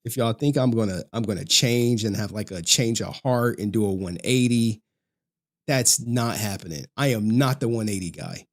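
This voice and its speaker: A man's voice: fairly low pitch, normal speed. A young man ranting on a livestream, profane and mocking, often breaking into laughter. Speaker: streamer. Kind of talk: livestream rant.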